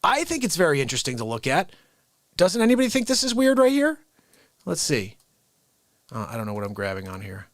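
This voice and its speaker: A man hosts a live stream and rants in an animated, excitable way, breaking off with laughing asides. His voice sits high. The sound is dry and close. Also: brisk, pauses often, no room sound. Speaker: livestream host. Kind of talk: comedic live-stream rant.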